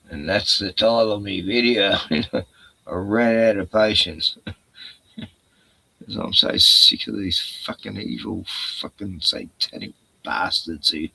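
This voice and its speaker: A man's voice: on the low side, creaky, bright, forceful tone, breathy edge, dry recording, rough recording. An Australian man hosting a rambling livestream, ranting with heavy profanity and reading viewer comments aloud. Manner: drawn-out filler sounds and restarts. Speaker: livestream host. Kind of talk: rambling solo livestream chat.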